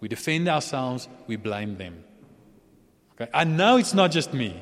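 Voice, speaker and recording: A man preaching a sermon in a relaxed, chatty way, often restarting and chuckling. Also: a little high, moderate pace. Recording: long hall reverb.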